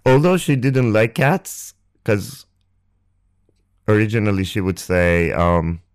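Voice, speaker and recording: A man tells a loose, profane story full of fillers and asides. His voice is low and smooth, and he speaks close to an ASMR mic. The sound is dry. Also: takes it slowly, dry recording. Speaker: podcast host. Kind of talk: casual storytelling.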